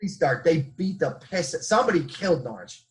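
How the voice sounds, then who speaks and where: A man co-hosting a podcast, bantering in a casual, profane way. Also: on the high side. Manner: animated, profane, quick to banter. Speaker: podcast co-host. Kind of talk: casual chat.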